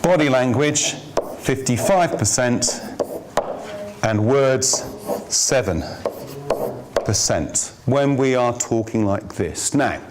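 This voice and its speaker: A man giving a business training workshop, lively and jokey, quizzing his audience. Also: mid-range voice, slow pace, long pauses. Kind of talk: workshop presentation. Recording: noisy room recording.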